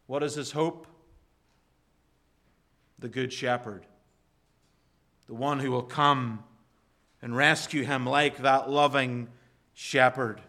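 A man preaching a sermon slowly, building to fervent emphasis. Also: a little high, fairly bright tone. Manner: slow, rising to fervent emphasis.

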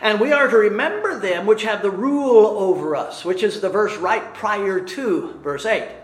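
A man preaching a sermon as pastor, animated and quick to laugh at his own stumbles. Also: sits high, reverberant.

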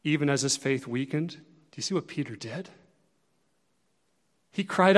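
A man preaching a sermon as pastor, earnest and conversational, rising and dropping in loudness to press his points. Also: medium pitch, animated, measured pace, big-room sound.

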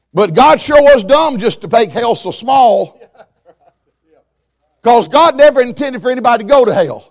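A man preaching a fiery revival sermon, swinging from hushed, quiet passages to loud shouting. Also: very high voice. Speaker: preacher, evangelist.

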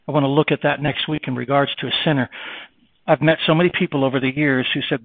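A male preacher giving a sermon, reading scripture aloud and moving between hushed, low passages and raised, fervent preaching. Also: steady tone, fairly quick, no echo, phone-quality sound.

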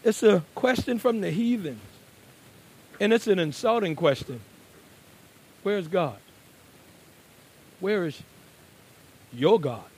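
A man preaching a sermon, moving between quiet, conversational asides and loud, emphatic declarations. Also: sits high, lively intonation, slow pace, pauses often, slightly rough, rough recording.

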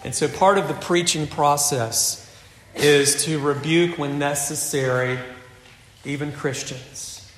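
An earnest male preacher delivers a sermon at an unhurried pace, his voice sitting a little above the usual pitch. He is measured, and he drops to a soft voice to drive points home. The sound is roomy, with a long reverb, as if heard from a distance in a large hall. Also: a little hiss or hum.

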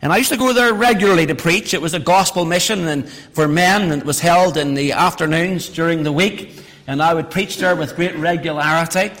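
A man's voice: a little high, fairly quick, a bit bright. A middle-aged male pastor preaching a sermon, reading scripture and then explaining it with emphatic, repeated phrases. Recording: long hall reverb.

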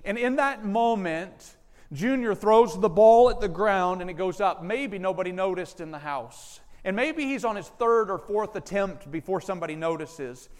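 A male pastor preaching a sermon, animated and acting out family members' lines. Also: sits high, moderate pace, in a large hall. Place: church sanctuary.

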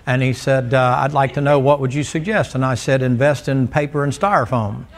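A man's voice: mid-range voice, fairly even intonation, fairly quick, background noise. A male preacher, delivering a folksy, joking sermon to a congregation in a church. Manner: folksy, joking storyteller who teases the congregation.

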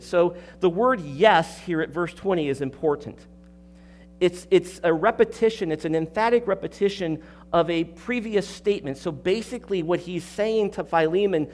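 High-voiced pastor preaching with emphatic questions. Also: male voice. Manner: emphatic, with repeated words and rhetorical questions. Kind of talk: expository sermon.

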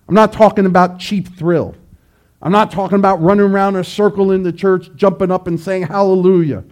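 A male pastor preaching a sermon to his church with emphatic delivery, rising to loud pleading cries. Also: high-pitched.

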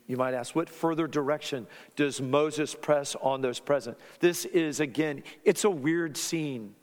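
A man preaching an expository sermon, his voice a touch higher than most men's. He teaches in a measured way, letting his voice drop at the end of phrases. A long reverb from the church sanctuary trails each word. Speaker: pastor.

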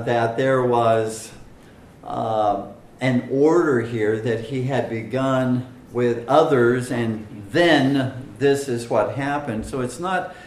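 A man teaching a Bible study, slow and deliberate, with many fillers and stress on single words. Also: mid-range voice, darkish tone, roomy sound, a little hiss or hum, rough recording.

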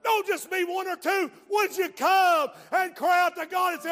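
An older man's very high, steady voice carries an impassioned revival sermon and prayer at a moderate pace with few pauses. He moves from hushed tones to shouts, his voice breaking with emotion.

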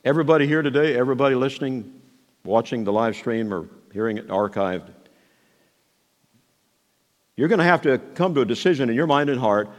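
A man preaching a sermon, moving between soft asides and raised, emphatic declarations. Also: mid-range voice, expressive, brisk, pauses often. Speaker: pastor. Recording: long hall reverb.

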